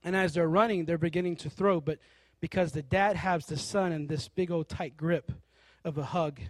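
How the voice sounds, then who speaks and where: A man with a high voice preaches a sermon, telling stories and slipping into the voices of the people in them. His delivery is animated and conversational, with no room echo at all. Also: normal speed. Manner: animated storytelling, acting out characters.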